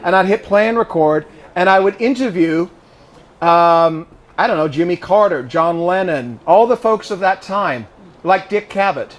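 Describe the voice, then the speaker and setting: A man's voice: sits high, normal speed. A man in his fifties answering audience questions in a conversational way, often repeating words as he starts a sentence. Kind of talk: speech with audience Q&A. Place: living room of a private home with an audience.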